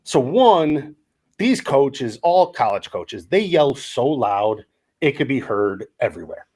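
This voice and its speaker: A man around fifty from Wisconsin, co-hosting a podcast and telling stories in a casual, animated way, acting out the dialogue as he goes. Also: mid-range voice, slow pace. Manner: animated storyteller, acts out quoted dialogue. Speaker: podcast co-host, former college lineman. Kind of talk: casual storytelling chat.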